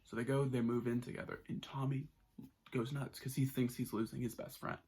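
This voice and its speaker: Guy rambling excitedly through a movie review, kinda husky, keeps restarting sentences. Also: medium pitch, fairly quick. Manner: rambling, enthusiastic, with frequent restarts. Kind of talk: casual spoken review.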